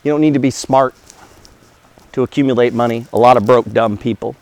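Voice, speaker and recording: A man's voice: medium pitch, fairly even intonation, a little fast, a little mellow, dry recording. A man giving a blunt, profane motivational talk about money, full of rhetorical questions. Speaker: host.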